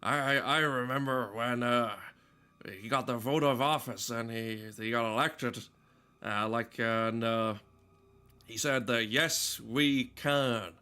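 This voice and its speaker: A man's voice: medium pitch, steady tone, bright, forceful tone, smooth. A man doing a rambling old film star. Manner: halting, rambling, full of pauses. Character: rambling elderly male film star at a speech.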